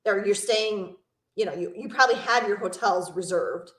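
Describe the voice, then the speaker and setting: A woman's voice: medium pitch, moderate pace, a bit bright, echoey room. A woman hosting a live travel Q&A, chatting casually, rambling a bit, reading out viewers' comments and asking them questions.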